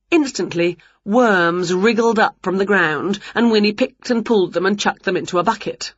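A woman reading a children's storybook aloud with expressive, animated storytelling, on a dull lo-fi recording. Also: fairly low pitch, moderate pace, slightly rough, no echo. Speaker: storybook reader. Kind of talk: storybook read-aloud narration.

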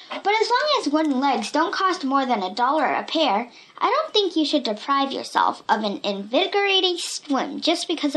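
Woman reading as a shrill little storybook girl spinning wild fibs, very high and bouncy. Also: a bit bright. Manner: shrill, playful, fibbing with a straight face. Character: cheeky red-haired girl, tall-tale teller.

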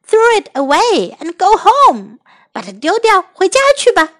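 A woman's voice: very high voice, very animated, a little slow, a bit bright, voice pushed up, full character voice. Woman doing jeering little robins. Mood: mocking. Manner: teasing, scornful. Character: flock of mocking little robins.

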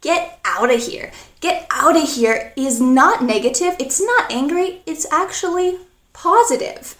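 A woman teaching spoken English, speaking slowly and clearly and acting out example phrases with expression. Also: high-pitched, animated, fairly bright tone, echoey room. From North America.

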